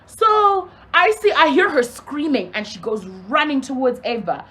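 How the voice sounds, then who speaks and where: A young woman from Zimbabwe tells a casual story to her channel, her voice sitting a little high. She talks with a lively, swooping pitch and slips into the voices of the people she describes. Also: measured pace, hardly any pauses. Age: young adult. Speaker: YouTuber telling a story.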